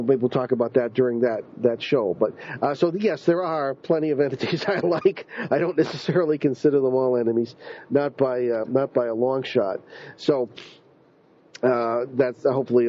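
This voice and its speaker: Man, radio host, average pitch, rambling talk, muffled lo-fi sound. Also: fairly even intonation, normal speed, dark tone, slight background noise. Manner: rambling, with frequent ums and restarts. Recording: dull lo-fi radio recording.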